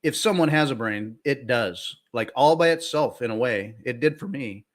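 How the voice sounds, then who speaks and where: A man's voice: mid-range voice, expressive, normal speed. Male co-host; loose, hesitant, filler-heavy delivery. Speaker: podcast co-host. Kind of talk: casual podcast chat.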